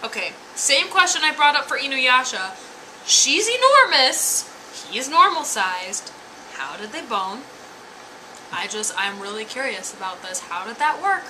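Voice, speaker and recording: A woman's voice: on the high side, expressive, normal speed, noisy background. A tipsy woman giving a rambling, giggly, profane comic review. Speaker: anime reviewer.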